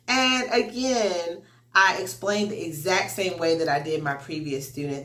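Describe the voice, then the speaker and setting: A woman's voice: on the low side, normal speed. Chatty woman telling stories. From United States. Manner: animated, chatty, addresses viewers directly. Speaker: online English teacher. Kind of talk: casual vlog storytelling.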